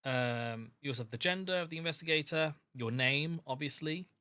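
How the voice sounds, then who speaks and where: Bright-voiced man explaining game rules. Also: on the high side, a little fast, clear, resonant tone, dry recording. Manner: hesitant, lots of ums. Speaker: game master.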